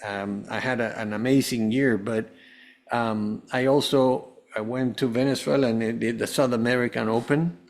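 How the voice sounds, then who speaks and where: A man with an average pitch speaks as a podcast guest, recounting his life in an earnest, rambling manner. He circles back and restarts phrases often. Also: fairly even intonation, normal speed. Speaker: guest, holistic health coach. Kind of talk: personal storytelling in an interview.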